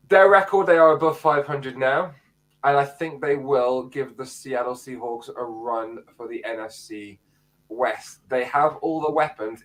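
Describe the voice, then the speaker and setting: A man's voice: mid-range voice, a bit bright. A man from the UK, chatting casually as a podcast co-host, rambling and correcting himself as he goes.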